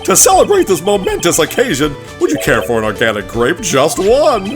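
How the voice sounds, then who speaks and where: A man's voice: a little high, wildly swooping pitch, a little fast, pitched above the performer's own voice. A man voicing a brash, joking adult male circus clown over game music. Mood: boisterous. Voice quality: brash, wisecracking.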